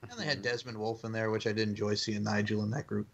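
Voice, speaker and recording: A man co-hosting a casual wrestling podcast, animated and mocking, swearing freely. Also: fairly low pitch, fast talker, vocal fry, dull audio. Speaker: podcast co-host.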